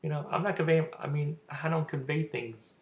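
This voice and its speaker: A man's voice: fairly high pitch, moderate pace. A young man with a stutter, rambling casually as he gives dating advice in a vlog. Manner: rambling, stuttering, loose and informal. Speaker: vlogger giving dating advice.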